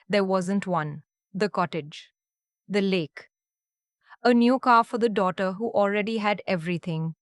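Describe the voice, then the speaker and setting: Calm woman narrating a story, dry sound. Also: lowish voice, no room sound. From Canada (Ontario). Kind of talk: scripted first-person storytelling.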